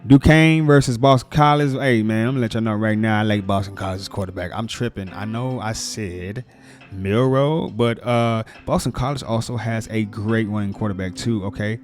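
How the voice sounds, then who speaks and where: A man's voice: lowish voice, moderate pace, soft background music. A man giving a casual, slangy recap of college football scores, hyping players and teams. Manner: slangy, excited hype talk. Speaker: sports vlogger.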